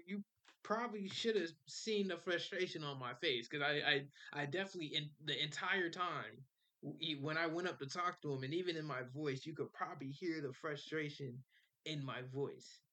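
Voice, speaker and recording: A man's voice: on the high side, moderate pace, sharp tone. A young man hosting a podcast, telling a personal story in casual slang, swearing and laughing as he goes. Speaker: podcast host.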